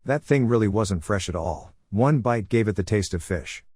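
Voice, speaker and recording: Guy narrating a recap, lowish voice, flat even read, dry close mic. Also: normal speed, husky, dry recording.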